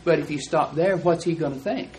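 A man teaching a Bible class, explaining verses and reading them out slowly and deliberately. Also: a little high, darkish tone, a little hiss or hum, poor audio.

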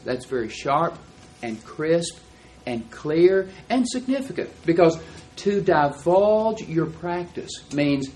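A man teaching a Bible class, explaining verses and reading them out slowly and deliberately. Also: mid-range voice, a little mellow, low-quality recording.

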